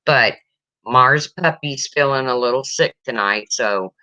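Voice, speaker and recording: A woman's voice: rumbling low, measured pace, bright, forceful tone, no echo, poor audio. A woman hosting a casual livestream chat, emotional and reading viewer comments aloud. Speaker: livestream host.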